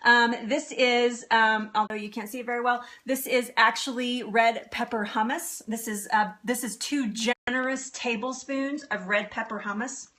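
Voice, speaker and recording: A woman's voice: fairly high pitch, fairly even intonation, moderate pace, hardly any pauses, fairly bright tone. A woman in her thirties hosting a live cooking stream from her home kitchen, chatting with viewers and laughing often. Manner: chatty, giggly, answers viewer comments. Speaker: cooking show host.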